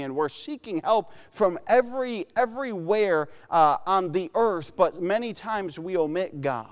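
A man's voice: sits high, expressive, unhurried, hardly any pauses, clean tone. A man preaching a sermon in an earnest way, often acting out the voices he quotes. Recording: long hall reverb.

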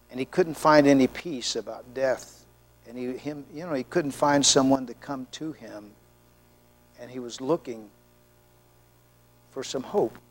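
A middle-aged male pastor preaching a sermon, telling stories and acting out the voices of the people in them. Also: medium pitch. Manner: animated storyteller, acts out voices in anecdotes. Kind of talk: sermon with storytelling.

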